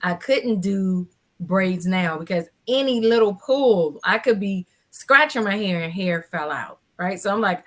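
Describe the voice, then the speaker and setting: A woman in her forties telling her own story as a guest in a casual panel chat. She is animated and acts out other people's lines. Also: mid-range voice, measured pace.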